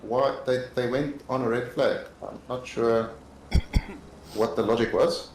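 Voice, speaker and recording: A man with an Australian accent co-commentating a sim race, relaxed and analytical. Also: mid-range voice, slow, roomy sound, slight background noise, poor audio.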